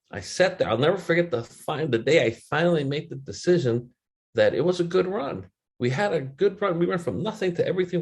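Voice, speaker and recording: A middle-aged man giving a motivational webinar talk, telling a candid, emotional personal story with loose swearing. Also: mid-range voice. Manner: quotes others in changing voices, rises and falls in loudness.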